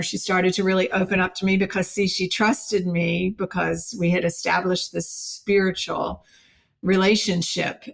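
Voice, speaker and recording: A middle-aged woman, a podcast guest, telling a personal faith story in an earnest, animated way and acting out quoted dialogue. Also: on the low side, creaky.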